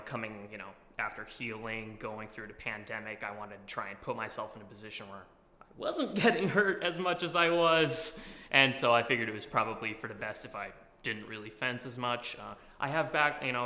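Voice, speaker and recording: A man's voice: mid-range voice, sharp tone, slight background noise. A young man from Washington, D.C., answering questions at an acting audition in a self-deprecating, joking way, with plenty of filler words. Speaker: auditioning actor. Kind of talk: audition interview. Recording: echoey hall.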